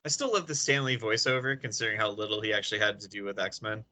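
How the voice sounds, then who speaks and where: A man co-hosting a podcast in casual chat, with wry, deadpan remarks. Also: on the low side, fast talker. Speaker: podcast co-host.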